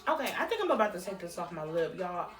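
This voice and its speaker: A woman's voice: fairly low pitch, sing-song, fast talker, far from the mic. A woman, chatting casually through a beauty product unboxing, exclaiming as she reacts. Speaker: beauty vlogger. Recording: roomy echo, a bit off-mic, faint music.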